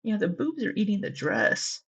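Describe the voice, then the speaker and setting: A woman's voice: mid-range voice, expressive, moderate pace, vocal fry, breathy edge. A woman hosting a live reaction stream, chatting casually and teasing her viewers, with the odd swear word. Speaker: livestream reaction host.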